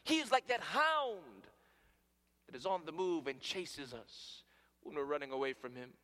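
A man delivers a sermon, addressing his listeners as friends, swelling to loud, emphatic peaks and then sinking to hushed near-whispers. His voice sits slightly high, swings widely in pitch, and moves a bit slowly. The recording carries a long hall reverb.

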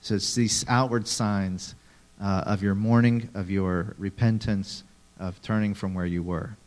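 A man preaching a sermon to a live group, teaching in a lively way and acting out quotes with sudden loud, dramatic outbursts. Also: on the low side, measured pace. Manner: animated, acts out quotes dramatically, talks to audience members. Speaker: pastor.

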